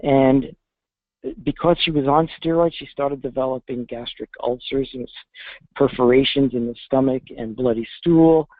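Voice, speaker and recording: A man who is a veterinarian tells a patient's story in an interview, earnest and halting with restarts, choked up with emotion, talking from a public space. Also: mid-range voice, no room sound. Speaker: veterinarian guest. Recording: dry tinny phone-like line.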